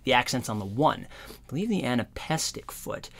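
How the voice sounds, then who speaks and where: A man giving a casual guitar lesson, explaining in a relaxed, rambling way with lots of fillers. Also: mid-range voice, brisk, creaky, slightly rough. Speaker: guitar teacher. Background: guitar playing.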